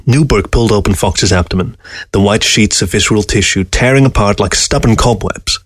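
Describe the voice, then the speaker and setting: Calm low-voiced male storyteller. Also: brisk, slightly rough, no echo, studio quality. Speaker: story reader. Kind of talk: audiobook narration.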